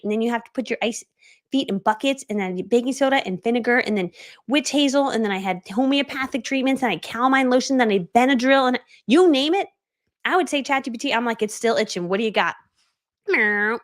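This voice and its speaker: A woman hosting a live video, teaching marketing in a chatty, laughing way and acting out quotes. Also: fairly high pitch. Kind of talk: casual live-stream teaching.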